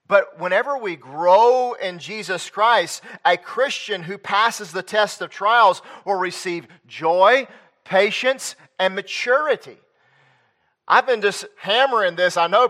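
A man delivers a sermon in a high, bright, ringing voice. He rises to loud, emphatic peaks, then drops to quiet, low asides. Between them he reads scripture aloud in old-fashioned wording. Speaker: preacher.

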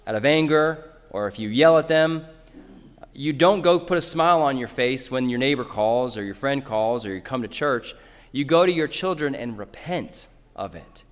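A man's voice: mid-range voice, big-room sound. A man preaching a sermon in a church, earnestly addressing parents directly. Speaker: pastor.

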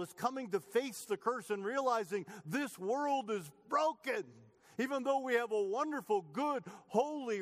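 Man, pastor, emphatic sermon delivery, high voice, church hall reverb. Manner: emphatic, rising passion when quoting psalms.

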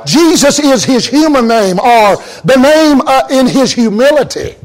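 A male preacher delivers a fervent sermon in a strikingly high voice. He often shouts, breaks into short laughs, and scatters amens and hallelujahs between his lines. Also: sing-song, unhurried.

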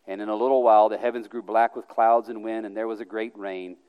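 A man reading scripture aloud in an earnest, emphatic way, his loudness rising and falling with the passages. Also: fairly low pitch, steady tone, quick pace, smooth, highs cut off. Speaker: scripture reader. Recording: long reverb of a large hall.

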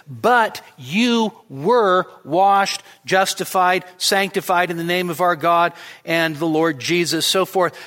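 A man's voice: sits high, sharp tone. A male pastor preaching an expository sermon, emphatic and rising sharply when he quotes scripture. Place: church sanctuary. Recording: long church reverb.

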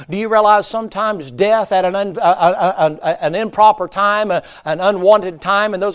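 Folksy preacher, loud then hushed. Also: male voice, high-pitched, moderate pace, hardly any pauses, smooth. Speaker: pastor. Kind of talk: revival sermon. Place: church.

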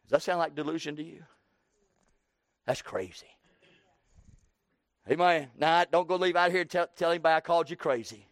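Guy preaching a sermon, highish voice, dry close sound, punches lines then drops low. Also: normal speed, long pauses, dry recording. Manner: preaching with swelling emphasis and sudden drops.

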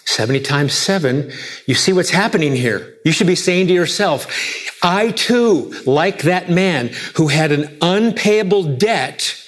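Emphatic preacher, man with lively pitch swings. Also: measured pace. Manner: emphatic, rhetorical questions, wide swings in pitch and loudness. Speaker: pastor. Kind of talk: sermon.

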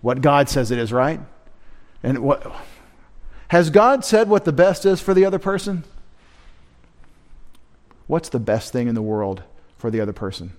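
A man's voice: mid-range voice, very animated, a little slow, pauses often. A man preaching a midweek sermon as pastor, emphatic, asking rhetorical questions and quoting scripture.

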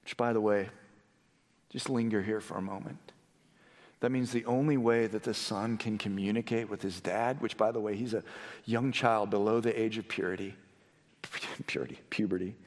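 Dynamic male preacher in a reverberant hall. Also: normal speed. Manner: swings between hushed, low storytelling and raised, excited emphasis. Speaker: pastor. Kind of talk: sermon.

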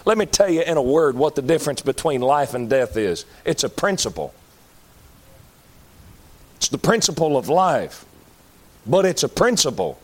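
A man preaching a sermon, moving between loud high-pitched calls and low pleading appeals. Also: expressive, moderate pace, pauses often.

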